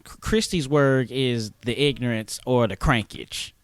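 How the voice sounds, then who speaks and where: A man's voice: mid-range voice, a little slow, slight background noise. A man on a podcast panel, conversational and thinking aloud as he talks. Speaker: podcast guest. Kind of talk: casual panel discussion.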